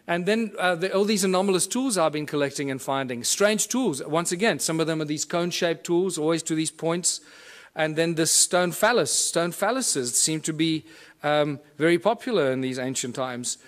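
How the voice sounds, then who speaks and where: A man's voice: fairly high pitch, moderate pace. A man giving a conference lecture, explaining things and pointing them out to his audience as he demonstrates. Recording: echoey room.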